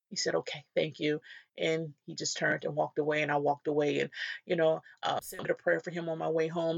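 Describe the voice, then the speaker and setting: Earnest woman with a gravelly voice. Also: low voice, dry recording. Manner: earnest, storytelling, acts out quoted voices. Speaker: Christian speaker. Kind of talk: devotional talk with personal stories. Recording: dull lo-fi dry recording.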